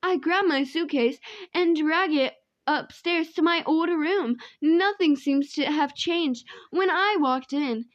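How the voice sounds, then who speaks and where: A young woman with a high voice reads a fanfic aloud, often slipping into giggles. The sound is dry and dull, a lo-fi home recording. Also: slow, no room sound. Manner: giggly, often breaks into laughter. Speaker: fanfic reader. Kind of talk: casual fanfic reading aloud.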